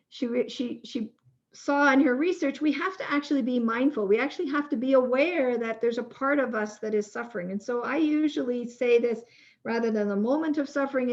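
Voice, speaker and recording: A woman leading a self-compassion workshop, slowly and gently guiding listeners through a reflective exercise. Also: on the high side. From Canada. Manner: slow, gentle prompting with pauses. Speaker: workshop leader. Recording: dull lo-fi talk recording.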